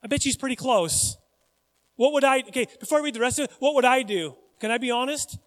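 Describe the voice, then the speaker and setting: A male pastor preaching a sermon in a conversational, animated way, often putting questions to the congregation. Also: very high voice, fast. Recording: long hall reverb.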